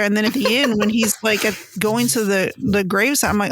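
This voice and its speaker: A woman hosting a podcast in casual chat, animated, acting out her own reactions as she talks. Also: on the high side, normal speed, dry recording, studio quality. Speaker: podcast host.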